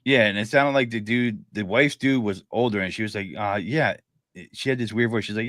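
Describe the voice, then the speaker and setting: A man's voice: on the low side, fairly quick, fairly bright tone, dry recording, studio quality. A man co-hosting a podcast in casual chat, telling stories in a laid-back way and laughing as he talks. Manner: laid-back storyteller, laughs while talking. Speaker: podcast co-host.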